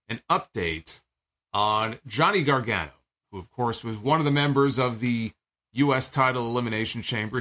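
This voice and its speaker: With a mid-range voice and sharp tone, this wrestling talk show host reads an ad and runs through a casual recap. He comes across chatty and wry, sprinkling in fillers and asides.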